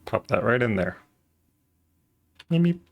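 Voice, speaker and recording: A man's voice: mid-range voice, sing-song, measured pace, vocal fry, dull audio. A man streaming while he draws, chatting casually in a rambling, playful way with lots of fillers.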